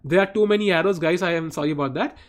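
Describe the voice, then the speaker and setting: A man from India commentates live chess on a stream, talking very fast in a voice on the high side. He's chatty, greets chat viewers by name, and keeps saying "guys."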